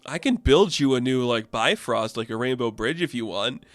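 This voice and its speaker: A man's voice: mid-range voice, lively intonation, normal speed, dry recording, natural voice. Man doing a cocky, flippant trickster god.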